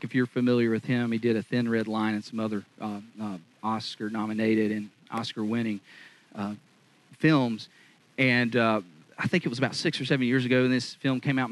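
A male pastor preaching in a loose, conversational way, animated and chatty. His voice sits at a middle pitch and sounds dry and close. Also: dry recording, poor audio. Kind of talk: conversational sermon.

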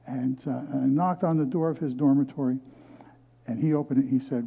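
An older guest pastor talks fairly quickly in a steady, gravelly, mid-range voice with a breathy edge, heard through narrow, tinny audio. In a movie theater doubling as a church, he earnestly tells his own story as sermon testimony, often starting over mid-thought.

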